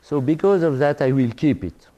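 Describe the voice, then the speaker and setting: A man's voice: on the high side, lively intonation, dull audio. An older French man giving an academic talk in English, with many fillers and restarts. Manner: halting, with frequent fillers and restarts. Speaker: lecturer.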